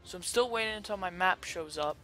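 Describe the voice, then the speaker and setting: Bright, chatty gameplay commentator. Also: medium pitch, brisk, soft background music. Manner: chatty, rambling, with sudden loud excited outbursts. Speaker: YouTuber playing a pirate game.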